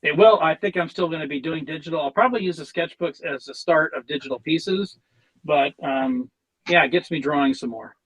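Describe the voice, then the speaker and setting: A man speaking as a guest artist on a casual podcast, telling jokes and talking about his work in a relaxed way with some stumbles and restarts. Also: fairly high pitch, brisk, rough recording.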